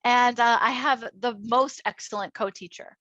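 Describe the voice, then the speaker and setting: A middle-aged woman from Minnesota leading an online workshop on inclusive education, enthusiastic and chatty with quick asides. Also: on the high side, steady tone, a bit bright, no echo, highs cut off. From Minnesota, United States. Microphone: computer mic on a video call.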